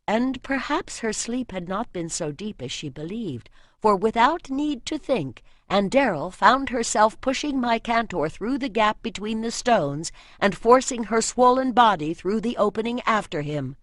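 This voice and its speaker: A woman narrating a fantasy audiobook at an unhurried, measured pace. Her reading is expressive and steady. The recording is dry and close. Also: fairly high pitch, dry recording.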